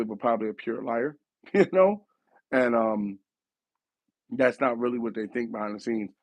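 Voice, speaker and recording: A man's voice: medium pitch, a little mellow, dry recording. Rambling man with a cough-worn voice. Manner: rambling, self-correcting, thinks aloud while managing his console. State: getting over a cough, losing his voice. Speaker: show host. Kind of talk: casual gaming talk.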